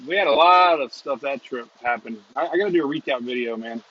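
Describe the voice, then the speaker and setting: A man's voice: mid-range voice, quick pace, slightly rough. Rambling storm-chasing man on a lo-fi stream. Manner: rambling, chuckling storyteller. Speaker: storm chaser, stream host. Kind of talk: casual live chat while driving. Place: inside a moving car.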